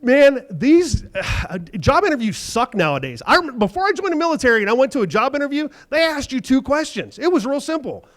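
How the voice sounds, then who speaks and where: High-voiced man doing stand-up. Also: big pitch swings, brisk, few pauses, fairly bright tone. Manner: conversational storytelling, acts out quoted dialogue, swears. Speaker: stand-up comedian. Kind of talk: stand-up comedy set. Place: comedy club stage.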